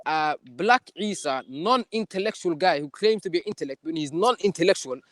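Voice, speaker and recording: Fast combative young man. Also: high-pitched, animated, a bit bright, dry recording. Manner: combative, fast street slang, repeats "you feel me". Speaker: debater. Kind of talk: heated live debate.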